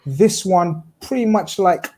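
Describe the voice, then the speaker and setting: A man's voice: high voice, expressive, slow pace, mellow. Light-voiced man hosting a football chat.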